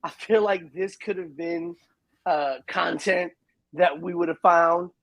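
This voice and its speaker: Wry male co-host, higher voice. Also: steady tone, takes it slowly, gravelly, no room sound. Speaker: podcast co-host. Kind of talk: casual chat.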